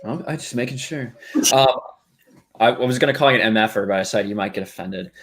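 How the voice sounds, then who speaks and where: A man hosting a charity live stream, reading out donations in an easygoing way with lots of pauses. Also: fairly low pitch, fairly bright tone. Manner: easygoing, hesitant with fillers. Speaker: host.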